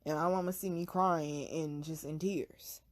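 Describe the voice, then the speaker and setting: A woman hosting her own channel, telling a personal story to camera in blunt, profane street slang, hushed one moment and loud the next. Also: low-pitched, steady tone, unhurried. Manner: swings from hushed to loud bursts. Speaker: channel host.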